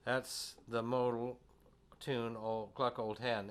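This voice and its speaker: A man teaches fiddle at a workshop with a folksy, chatty manner. His voice is bright and forward, with an everyday middle pitch. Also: little pitch movement, slow, clean tone, soft background music. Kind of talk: music workshop demonstration.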